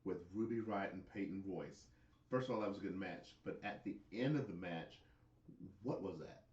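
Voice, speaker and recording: A man with a very deep voice co-hosts a casual wrestling chat, often stalling and repeating words as he gathers his thoughts. The room is echoey and the sound dull. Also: animated, darkish tone, far from the mic. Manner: halting, repeats words as he thinks. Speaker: co-host.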